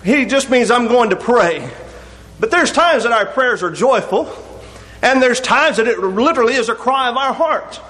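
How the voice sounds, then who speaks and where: A preacher with a notably high voice and lively intonation delivers an earnest sermon, reading scripture in old-fashioned wording. He alternates between quiet, slowed passages and raised, pleading appeals to his listener.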